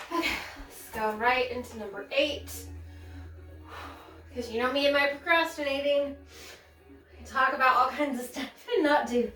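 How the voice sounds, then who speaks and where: A yoga instructor with a high-pitched voice leads a casual class, speaking a little slowly and pausing often. She's out of breath and sighs between chatty remarks. The mic is distant in an echoey room, with soft music playing.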